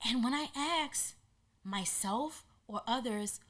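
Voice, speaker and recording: A woman hosting a podcast, telling a personal story in an animated way and acting out what people said. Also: a little high, slow pace. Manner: animated, acts out quotes in lively voices. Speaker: podcast host.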